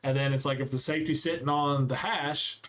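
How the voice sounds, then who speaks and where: Casting: young adult man, slightly high voice, animated storyteller on a casual podcast. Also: fairly quick, slight background noise. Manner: animated storyteller acting out quotes. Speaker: podcast co-host. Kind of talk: casual chat.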